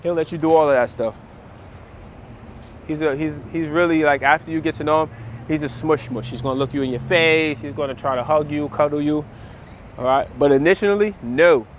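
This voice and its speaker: A man with a slightly high voice explains dog training in a loose, conversational way, full of slang. He is recorded outdoors in a built-up area, with faint street sounds behind him. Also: brisk, a little hiss or hum. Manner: relaxed, conversational, slangy, talks straight to viewers. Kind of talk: casual outdoor training vlog.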